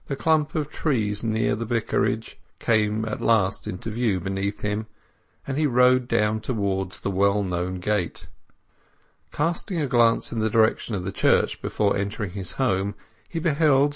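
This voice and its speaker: A man narrating a classic novel as an audiobook in a measured, even reading. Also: on the low side, creaky.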